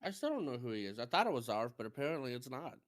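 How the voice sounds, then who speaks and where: A man's voice: mid-range voice, sing-song, rapid-fire, dry recording, studio quality. A man co-hosting a gaming podcast, playfully teasing and explaining game lore in a casual, loose way. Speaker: podcast co-host. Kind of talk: casual chat.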